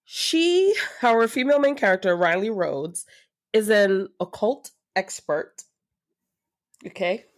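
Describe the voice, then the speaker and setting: A woman co-hosting a podcast, animatedly pitching a book recommendation in casual chat. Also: slow. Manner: animated, laughing, self-deprecating. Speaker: podcast co-host.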